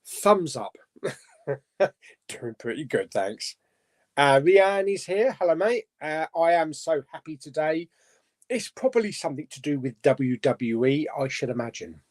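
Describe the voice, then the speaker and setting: A man's voice: a little high, lively intonation, unhurried. Chatty man hosting a live chat. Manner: chatty, reads viewer comments aloud. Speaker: live stream host.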